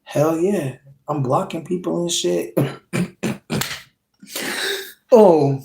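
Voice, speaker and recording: A vlogger on a candid rant, angry and swearing heavily, voice swinging from low muttering to high, strained outbursts. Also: extremely slow, vocal fry, warm tone, roomy sound, slight background noise, rough recording.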